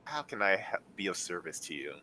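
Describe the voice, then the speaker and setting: A man voicing a sly female night hag in a tabletop game, speaking softly and smoothly. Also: sits low, very animated, quick pace, slight background noise, exaggerated voice. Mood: silky.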